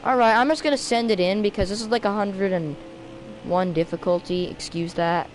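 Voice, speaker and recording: A woman giving rambling, self-mocking commentary while playing a racing game, with sudden excited outbursts. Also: mid-range voice, moderate pace, slight background noise, low-quality recording. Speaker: gaming video creator. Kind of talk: rambling let's-play commentary.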